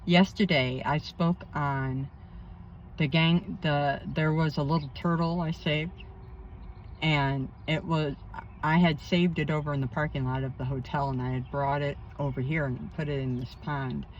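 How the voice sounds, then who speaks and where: Woman counselor, slow rambling vlogger, emphatic, dull lo-fi outdoor sound with faint noise. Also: low-pitched, fairly even intonation. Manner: emphatic, rambling, indignant asides. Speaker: spiritual counselor. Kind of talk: rambling personal vlog. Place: outdoors by a pond.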